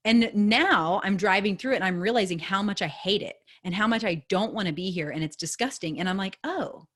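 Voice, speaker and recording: A woman in her thirties, a podcast host, telling a story in a casual, animated way, swearing freely and acting out the dialogue. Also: medium pitch, a little fast.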